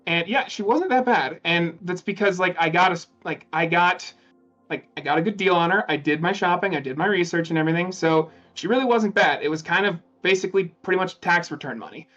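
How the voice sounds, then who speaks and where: A man's voice: high-pitched, fairly bright tone, soft background music. A man calling in as a guest, talking candidly and ramblingly, with a lot of swearing. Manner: candid, rambling, profane, halting. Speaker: caller and guest. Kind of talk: casual chat on a call. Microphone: call audio. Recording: dull lo-fi call audio.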